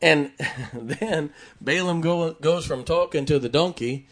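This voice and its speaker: A man's voice: on the high side, slow pace, a bit bright. A man preaching a sermon, retelling a Bible story in a folksy way and chuckling often as he goes.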